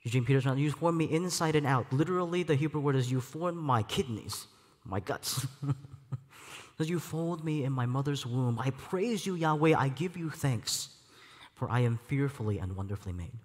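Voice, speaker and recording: A man's voice: mid-range voice, moderate pace, a little mellow, in a large hall. A man preaching a sermon as a church elder, reflective and candid, with light self-deprecating laughs. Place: church sanctuary.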